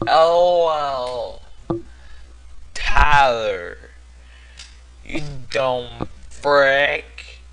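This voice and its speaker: A man's voice: mid-range voice, very slow, vocal fry, pushed and bright, a little hiss or hum, rough recording. A teenage boy doing silly homemade voice skits, jumping between goofy put-on voices and squeals.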